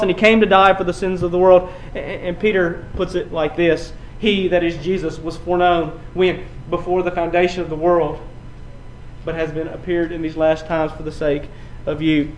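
A man preaching a sermon, building from quiet passages to loud, emphatic runs and often repeating his words. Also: sits high, slight background noise, rough recording. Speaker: pastor.

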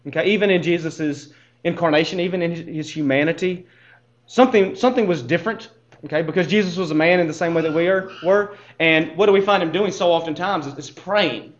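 A man's voice: fairly high pitch, fairly quick, roomy sound, highs cut off. A man teaching a Bible class in earnest, posing rhetorical questions and restarting his phrases.

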